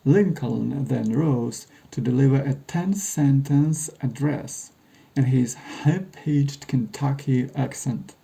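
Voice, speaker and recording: Male narrator, measured and wry, very dark gravelly tone, scripted read. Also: mid-range voice, rough recording.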